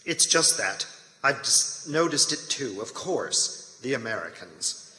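A man's voice: medium pitch, very animated, takes it slowly, bright, forceful tone, heavily acted. A man reading the part of a tired, clipped army colonel in his forties in a staged play reading. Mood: weary. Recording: echoey reverberant hall.

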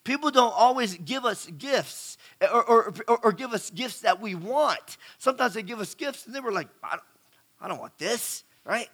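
A middle-aged man preaches a sermon in an extremely high, expressive, slightly bright voice, at normal speed with few pauses. His style is chatty: he asks the audience questions and often repeats words as he goes.

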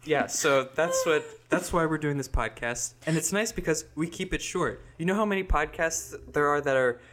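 A woman's voice: deep voice, moderate pace. A young woman co-hosting a podcast, talking casually and steering the talk back on topic. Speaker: podcast co-host. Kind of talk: casual chat.

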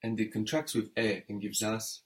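A man's voice: lowish voice, moderate pace. A man teaching French in an audio lesson, patient and methodical, prompting the learner and spelling words letter by letter.

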